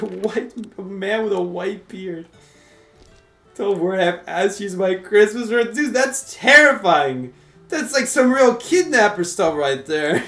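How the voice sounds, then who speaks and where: A man's voice: high voice, fairly bright tone, roomy sound. A man chatting casually on a game live stream, laid-back and laughing often as he talks to viewers. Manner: laid-back, laughs often, calls chat "brother" and "dude".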